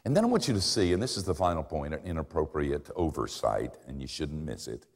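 An older man preaching a sermon with dramatic swings in pitch and volume and wry, self-mocking humor. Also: very animated, brisk. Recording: long hall reverb.

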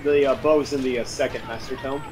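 A man's voice: medium pitch, fairly even intonation, brisk, background noise. A man co-hosting a gaming podcast, teasing and bantering with the player. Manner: teasing, laughs often. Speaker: podcast co-host. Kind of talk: casual banter.

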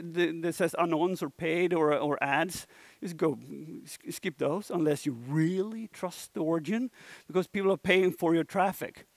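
A young Swedish man with a Swedish accent giving a casual, animated conference talk and swearing now and then. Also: a little high, creaky, no room sound. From Sweden. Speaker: conference speaker. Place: conference hall stage.

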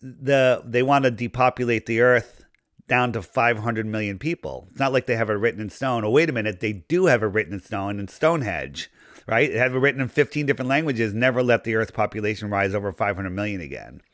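Man with a voice going hoarse. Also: fairly low pitch, fairly quick, no echo, studio quality. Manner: rambling, animated conspiracy talk. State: losing his voice. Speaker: podcast guest. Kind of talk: casual podcast conversation.

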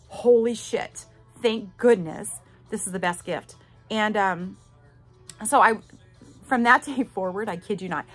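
Middle-aged woman host, bright and forceful voice, candid and emphatic personal storytelling, faint music underneath. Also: medium pitch. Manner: candid and emphatic, swears casually, addresses listeners directly. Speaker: podcast host.

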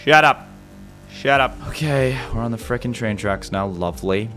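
A young man giving jumpy, excitable let's play commentary as he explores a creepy game, breaking into sudden shouts and laughs. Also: lowish voice, moderate pace, soft background music. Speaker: gaming YouTuber.

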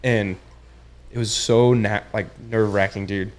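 A young man with a fairly low voice tells his story in an easygoing, laid-back chat. He keeps dropping "dude" into his sentences and acts out the lines he quotes as if he were living the moment again. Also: steady tone, measured pace. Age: young adult. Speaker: podcast guest, tournament angler. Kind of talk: casual chat.

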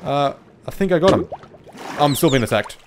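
A man's voice: on the high side, normal speed, noisy background. A man giving panicky, swear-filled let's play commentary while he plays a video game. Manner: excitable, panicky, swears often. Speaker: gaming video host. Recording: game music playing behind. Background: game music and water sounds.

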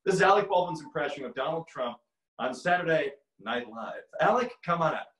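A man's voice: a little high, expressive, fairly quick, fairly bright tone, echoey room, poor audio. A young man doing a stand-up impressions set from home, with a radio-announcer voice and dry jokes. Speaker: comedian. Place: at home, filmed by his mother.

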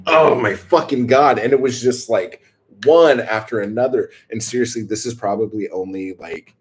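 Husky low-voiced man, rambling and profane. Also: darkish tone. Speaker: streamer. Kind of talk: casual chat to viewers.

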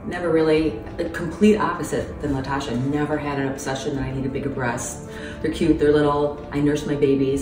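A woman in her fifties giving an emotional personal testimony in an interview, halting and earnest, close to tears. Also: low-pitched, steady tone. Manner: earnest, halting, many ums. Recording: roomy distant mic with music.

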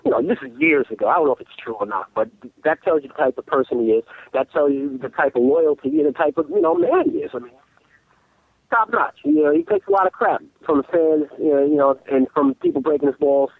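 Gravelly-voiced man on a tinny phone line. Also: a little high, quick pace, no room sound. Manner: animated storyteller who restarts his sentences. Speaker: call-in guest. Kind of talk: casual phone interview. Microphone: telephone.

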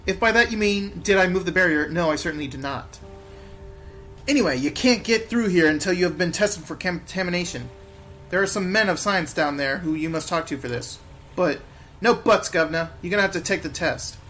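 A man voicing a lazy, corrupt London policeman who talks in loud, scornful slang. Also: high-pitched, a little fast, faint music behind. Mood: brash.

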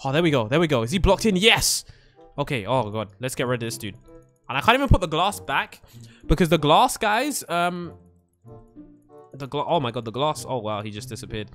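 Hombre joven que grita emocionado jugando. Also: male voice, fairly high pitch, fairly quick, faint music behind. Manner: excitable, yelps and screams when startled. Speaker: gaming channel host. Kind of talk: Minecraft let's play commentary.

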